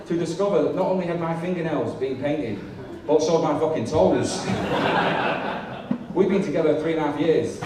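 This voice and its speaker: A young man running through a stand-up set, chatty and self-mocking, with swearing dropped in freely. His voice sits a little high, and the room is very echoey. He sounds distant from the mic, with steady background noise. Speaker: stand-up comedian. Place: comedy club with a live audience. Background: audience laughter.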